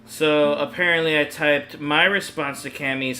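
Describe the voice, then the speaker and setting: Bright-voiced young man, rambling chat. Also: a little high, steady tone, measured pace, faint music behind, poor audio. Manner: rambling, hesitant, laughs often. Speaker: gaming YouTuber co-host. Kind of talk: casual chat over a game stream.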